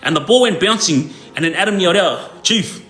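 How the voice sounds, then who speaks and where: Bright-voiced man. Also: high-pitched, lively intonation, normal speed. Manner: laughs often, loose rambling slang. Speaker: live stream host. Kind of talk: casual storytelling. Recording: echoey room with faint music.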